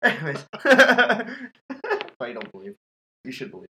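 A man's voice: high-pitched, wildly swooping pitch, a little slow, pushed and bright, slight background noise, low-quality recording. A man hosting a podcast, telling a scary story in casual, profane chat and laughing often. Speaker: podcast host.

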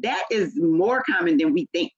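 A woman co-hosting a podcast in casual chat, talking in an animated, emphatic way. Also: lowish voice, normal speed, creaky, husky, dull audio. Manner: animated, emphatic, lots of "you know what I'm saying". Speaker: podcast co-host.

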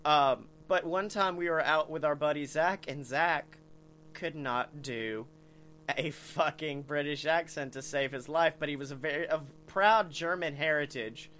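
On a casual podcast, this male co-host, whose voice sits on the high side, spins animated stories packed with swearing and frequent laughter. There's a slight background noise in the recording.

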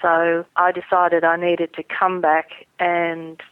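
A middle-aged woman, an airline pilot, speaking earnestly and measured as a guest in a phone interview. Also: lowish voice, completely flat delivery, clear, resonant tone, dry recording. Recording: tinny phone line.

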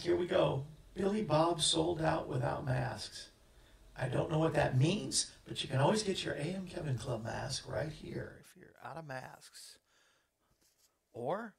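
A man's voice: fairly high pitch, vocal fry, fairly bright tone, husky. A man hosting a talk show, chatting in a rambling way and laughing at his own jokes. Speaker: host.

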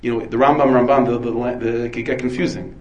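A man's voice: mid-range voice, steady tone, quick pace, darkish tone, poor audio. A man, a rabbi, giving a Torah lecture full of Hebrew terms, asking and answering his own questions. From United States. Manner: dense with Hebrew and Yiddish terms.

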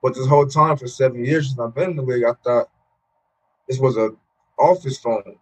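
A man's voice: medium pitch, fairly quick, breathy edge. A man in his thirties, a former pro football player, telling his story candidly in an interview, with many fillers and repeated words. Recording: muffled, lo-fi sound.

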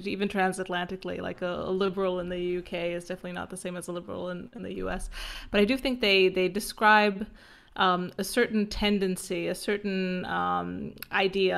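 A woman, a panel guest, talks quickly and hesitantly with many restarts, sounding out of breath, in an online discussion. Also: on the low side, vocal fry.

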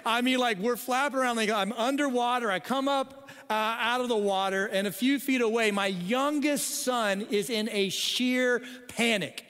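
A man's voice: very high voice, fairly bright tone, clean tone. A middle-aged man, a pastor, telling a funny family story in a sermon, with frequent "okay?" asides. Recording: long hall reverb.

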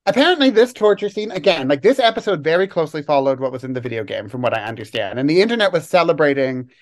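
A podcast co-host giving casual, wry analysis of a TV episode, sometimes slowing down to weigh each word. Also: medium pitch, very animated.

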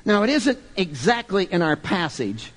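A man preaching a sermon, driving his points home with rhetorical questions and swinging from loud emphatic bursts to quiet, hushed lines. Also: high-pitched, very animated, normal speed.

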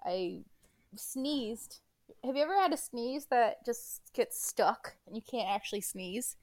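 A woman's voice: fairly high pitch, animated, a little slow, a little mellow. A woman in her early thirties with a general American accent, co-hosting a casual chat, blunt and self-mocking, swearing freely. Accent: none, general American. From south of Boston, raised in New Hampshire.

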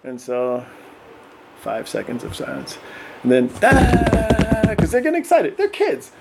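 Animated storytelling dad, higher-pitched man. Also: measured pace, vocal fry, heavy background noise. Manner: animated, acts out voices of his kids and himself, laughs often. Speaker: podcast guest. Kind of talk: animated storytelling in casual chat.

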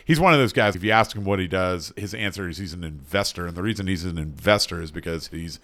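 A man's voice: low-pitched, fast, fairly bright tone. A middle-aged man from North Carolina, a mediator hosting an interview and thinking aloud in long rambling turns. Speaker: host and mediator. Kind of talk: conversational interview.

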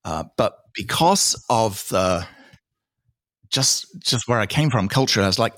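British-sounding man, low voice, dry sound. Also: no echo. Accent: British with American phrasing. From British Isles. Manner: animated, quick asides and acted-out quotes. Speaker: guest. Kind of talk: casual interview storytelling.

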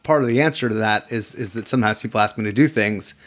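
A man's voice: fairly low pitch, fast. A man who works as an attorney, talking casually as a podcast guest. He tells stories with energy and often repeats his first words. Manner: animated storyteller, repeats words when starting sentences.

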